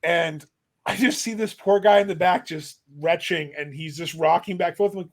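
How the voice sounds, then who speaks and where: A man's voice: high voice, moderate pace. A man in casual podcast chat who laughs often and tells stories with a supportive tone.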